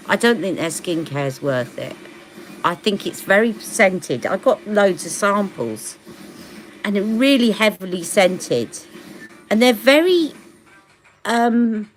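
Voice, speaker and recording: A woman's voice: mid-range voice, slight background noise. A woman with a British accent hosting a casual beauty live stream, chatty and rambling, often laughing.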